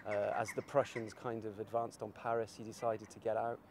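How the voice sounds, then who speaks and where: A man's voice: lowish voice, little pitch movement, a little fast, darkish tone, slight background noise. A man artist talking in a casual interview, rambling and searching for his words.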